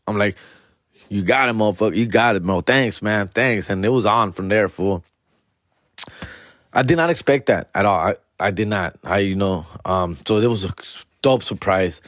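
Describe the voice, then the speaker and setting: A man, a comedian and father from California, telling a story in casual podcast chat, animated and slangy and acting out quotes. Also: lowish voice, normal speed, dry recording, studio quality. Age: adult, father.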